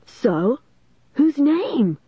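A man's voice: extremely high pitch, wildly swooping pitch, unhurried, no echo, muffled recording, pitched above the performer's own voice, heavily acted. A woman reader voicing a bold, pushy teenage boy who keeps demanding answers. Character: bold, jumpy teen boy daring friends.

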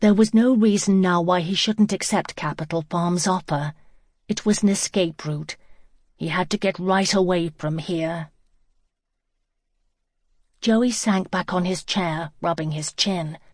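Brief: woman audiobook narrator, low voice, steady and even, dry close sound. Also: unhurried, no room sound. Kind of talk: scripted narration.

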